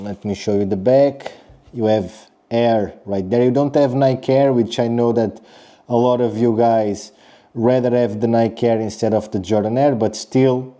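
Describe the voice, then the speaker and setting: A young man talks casually through a sneaker review, addressing his viewers directly. His voice is very dark and mellow, pitched in a middle range. He keeps checking in with a quick "okay?" and often restarts his phrases.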